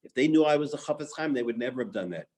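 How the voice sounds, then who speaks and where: A man voicing a gentle, humble old rabbi who explains himself calmly and patiently in a retold story. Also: mid-range voice, very fast, lightly acted.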